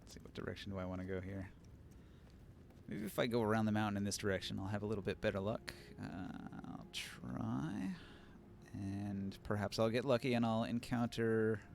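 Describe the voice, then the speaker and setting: Man, Pacific Northwest accent, low gravelly voice, deadpan swearing game commentary. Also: moderate pace, a little hiss or hum. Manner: dry, sardonic, swears often. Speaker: game streamer. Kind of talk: live gameplay commentary.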